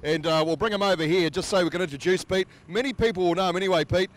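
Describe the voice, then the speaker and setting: A man hosting casual trackside interviews, chatty and upbeat. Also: high voice. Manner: chatty, upbeat, quick questions. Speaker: host and interviewer. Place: outdoor speedway pits.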